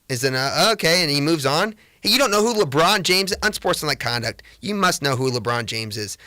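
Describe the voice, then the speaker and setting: A young man hosting a sports podcast, talking casually and excitably with lots of rambling restarts. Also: mid-range voice, no room sound. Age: young adult. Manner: chatty, rambling, self-correcting. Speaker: podcast host. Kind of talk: casual solo podcast monologue.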